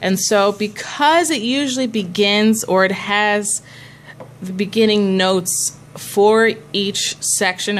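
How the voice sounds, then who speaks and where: Slow, patient woman cantor teaching. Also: mid-range voice, a bit bright. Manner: patient, explanatory, breaks into chanted examples. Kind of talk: teaching a prayer chanting class.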